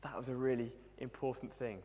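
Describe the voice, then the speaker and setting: Preacher in a reverberant hall. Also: male voice, mid-range voice, flat delivery, a little fast, dark tone. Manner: humorous, self-deprecating storytelling. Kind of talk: sermon.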